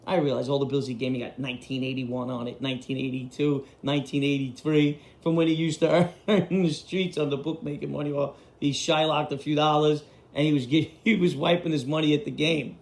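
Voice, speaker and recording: A man's voice: on the high side, steady tone, fairly quick, creaky, hardly any pauses. A man telling blunt, profane street stories in a casual way. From Queens, New York. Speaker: storyteller host. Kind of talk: casual storytelling. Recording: roomy echo.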